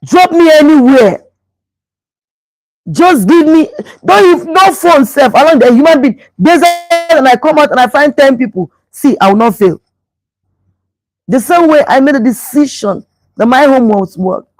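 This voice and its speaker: A woman's voice: high-pitched, lively intonation, normal speed, no room sound, low-quality recording. Lady pastor preaching hard, keeps repeating herself, dry close sound. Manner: emphatic, repeats phrases for emphasis. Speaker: pastor and show host. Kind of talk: motivational relationship preaching.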